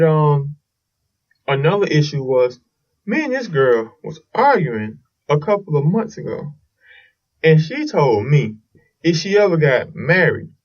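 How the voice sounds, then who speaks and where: A man's voice: fairly high pitch, far from the mic, dull audio. A man hosting a casual solo podcast, telling a long story in a rambling way with restarts and swearing. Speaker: podcast host.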